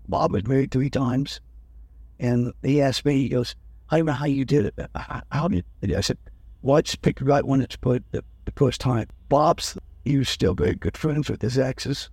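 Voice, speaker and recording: An older man, a guest in an interview, telling rambling personal stories in a relaxed conversational way and often correcting himself mid-sentence. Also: mid-range voice, vocal fry, husky, no room sound. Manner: rambling, self-correcting anecdotes.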